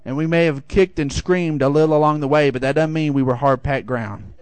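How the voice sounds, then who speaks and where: A middle-aged man preaching a sermon, telling a lively personal story and swinging high for the quoted voices. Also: fairly quick, clear, resonant tone, dry recording. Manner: animated storytelling, rising high for acted quotes. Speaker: pastor.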